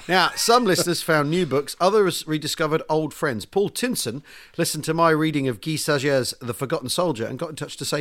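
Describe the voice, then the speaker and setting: A man's voice: a little high, brisk, a bit bright. Jokey, teasing man co-hosting a podcast. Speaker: podcast co-host. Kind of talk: casual banter.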